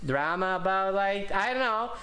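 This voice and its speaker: A man who is not a native English speaker, rambling and joking as he plays and talks over a game. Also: moderate pace. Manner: rambling, jokey, swears at the game, lively swings in pitch. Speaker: gamer streamer. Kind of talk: casual gameplay commentary.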